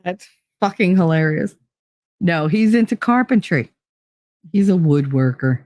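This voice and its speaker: A woman's voice: fairly low pitch, expressive, measured pace, a little mellow, no room sound. A woman with a New Jersey accent hosting a livestream, chatting casually with viewers in a blunt, profane, rambling way. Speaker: livestream host. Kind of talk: casual chat with live viewers.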